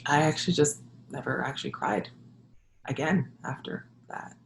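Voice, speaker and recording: A woman with a low voice, roughened by vocal fry, tells a personal story from her childhood. She talks reflectively and haltingly, with soft laughs. Her voice echoes around the room. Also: a little hiss or hum. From Jamaica. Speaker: holistic health practitioner and yoga instructor.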